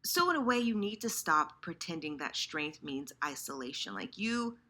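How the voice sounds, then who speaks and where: A woman hosting a casual fan talk, animated and playful, acting out the listener's inner voice. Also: sits low, moderate pace. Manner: animated, acts out inner voices, lots of restarts. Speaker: host. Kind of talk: casual chat about fandom.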